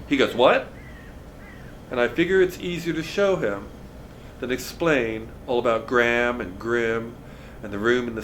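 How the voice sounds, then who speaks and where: Man reading a novel aloud, relaxed conversational storytelling, medium pitch, faint background noise. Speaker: reader of a novel.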